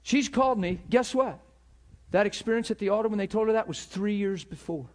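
A man preaching a sermon, telling stories in an animated, emphatic way and acting out the people he quotes. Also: sits high, a little fast. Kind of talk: sermon storytelling.

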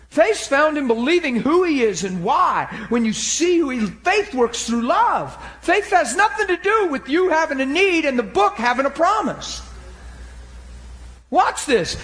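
A male preacher delivering an emotional sermon, animated and at times laughing through tears. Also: very high voice, slight background noise.

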